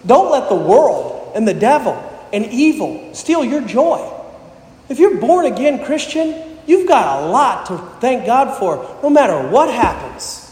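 A man's voice: sing-song, a little slow, a little mellow. A man preaching a sermon, earnest, rising for emphasis as he reads and explains scripture. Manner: earnest, rises in pitch and volume for emphasis. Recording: echoey hall.

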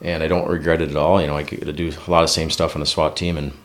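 A man in his thirties from Minnesota with a very deep, low voice, chatting as a podcast guest. He tells his story casually and slips into the voices of people he's quoting. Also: little pitch movement, very fast. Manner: storytelling, acts out remembered dialogue. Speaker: podcast guest, police officer and Marine veteran. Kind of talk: casual chat.

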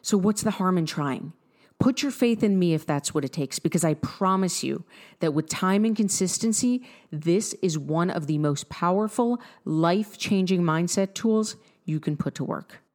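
A woman in her thirties talks listeners through a mindset exercise in a direct, upbeat way. Her voice sits a little low for a woman, and she leans hard on key words with quick bursts of emphasis. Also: lively intonation, a little mellow. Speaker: mindset coach. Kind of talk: coaching talk to listeners.

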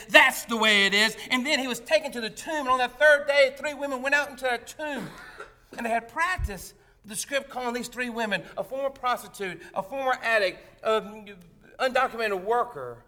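A male pastor preaching a sermon in a bright, fairly high voice. He tells a story with mounting drama, then slows down and grows hushed and deliberate as he reflects. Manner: dramatic storytelling that swells loud, then drops to a hushed, slow close.

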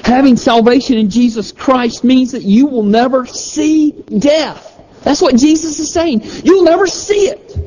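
A man preaching a sermon, slow and emphatic, repeating key phrases over and over. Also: very high voice, mellow, low-quality recording. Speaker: pastor.

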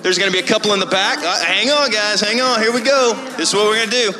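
A man leading a church crowd game, loud and excited, calling out to the crowd. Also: high voice, fast. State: out of breath. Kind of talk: energetic stage hosting. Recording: echoey hall with faint music.

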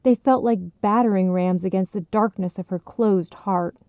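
Soft-spoken female story narrator, mid pitch, dry tinny recording. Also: normal speed, dry recording. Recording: dry, tinny phone-like sound.

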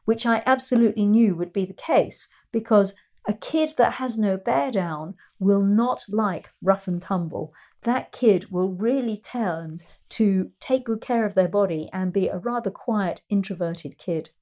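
A middle-aged woman who teaches riding gives an instructional talk, explaining her points through anecdotes and acting out quoted voices. Her voice is medium-pitched with a darkish tone.

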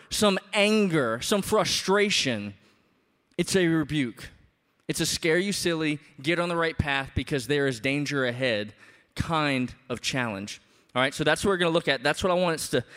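A man preaching a sermon as a pastor, in an animated, conversational way with emphatic rises. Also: on the high side, big-room sound.

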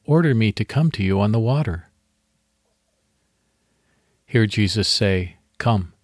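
A man hosting a devotional podcast, reading scripture slowly and leading a guided meditation. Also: fairly low pitch, no room sound, clean studio sound.

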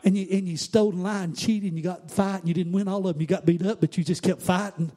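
A man preaching a sermon, moving from quiet, conversational asides to shouted, sing-song exhortation. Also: high voice, steady tone, quick pace. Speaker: pastor.

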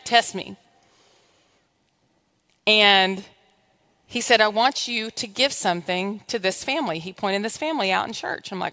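A woman's voice: medium pitch, bright, forceful tone. A woman preaching a sermon in a church, telling stories animatedly and acting out her own dialogue with God. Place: church sanctuary. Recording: long hall reverb.

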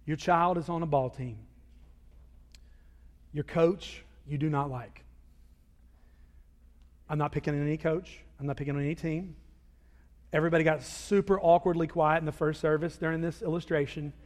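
A man preaching a sermon as a pastor, swinging from loud emphasis to quiet asides. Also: fairly high pitch, steady tone, moderate pace, pauses often. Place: church sanctuary. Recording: long reverb of a large hall.

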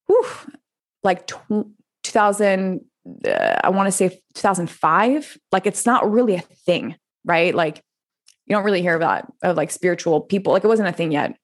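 A woman's voice: lowish voice, huge pitch swings, moderate pace. Candid chatty woman in her thirties. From France. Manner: candid and chatty, heavy use of "like", swears freely. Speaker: podcast guest. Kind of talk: casual interview storytelling.

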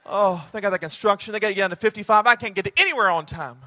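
A man's voice: high-pitched, racing, sharp tone, dry recording, pitched below the performer's own voice. A man voicing a grumbling everyday churchgoer who whines about small things. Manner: whiny, complaining. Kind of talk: sermon.

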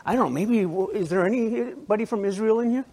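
A man preaching to a biker church congregation, conversational and animated, with restarts and asides. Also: high-pitched, brisk. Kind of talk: sermon.

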